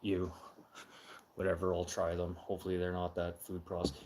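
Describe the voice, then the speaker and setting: A middle-aged man hosting a casual live chat, talking loudly and with heavy emphasis, getting excitable when he has an opinion. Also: deep voice, normal speed. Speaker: live stream host.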